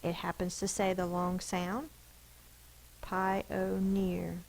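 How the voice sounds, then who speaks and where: A woman's voice: mid-range voice, measured pace, rough recording. A woman teacher giving a spelling lesson to children, sounding out letters and syllables one by one.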